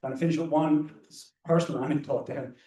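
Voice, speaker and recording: A man's voice: on the high side, fairly even intonation, fast talker, dark tone. An Irish man on a discussion panel, telling stories in an anecdotal way and often repeating words as he goes. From Ireland. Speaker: conservationist panelist. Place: hall or seminar room. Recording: roomy, distant mic.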